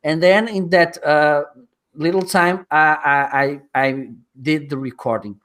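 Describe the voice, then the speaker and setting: A man on a live stream video call explaining in a halting way, often pausing to search for words. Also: a little high, fairly bright tone. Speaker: panelist. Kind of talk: casual discussion.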